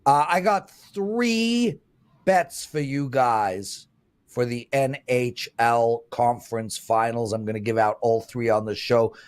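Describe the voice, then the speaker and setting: A man in his fifties hosting a sports betting show, pitching promo codes and boasting about his winning picks. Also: takes it slowly, clean tone. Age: 50s. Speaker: host and sports handicapper.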